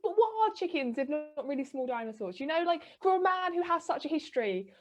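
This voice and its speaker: A woman's voice: high voice, very animated, brisk. A woman playing a paranoid cousin who argues insistently in a live improv comedy scene. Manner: insistent, argumentative. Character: paranoid, accusing cousin afraid of dinosaurs. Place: live stage show.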